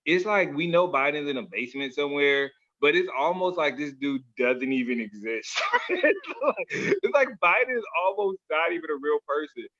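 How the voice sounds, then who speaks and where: A man talking in an easy, rambling way, his voice bright and forceful and a little higher than most. He laughs often and leans on fillers. The sound is dull and lo-fi. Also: normal speed. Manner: animated storyteller, laughs often, says like and man a lot. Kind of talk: casual chat.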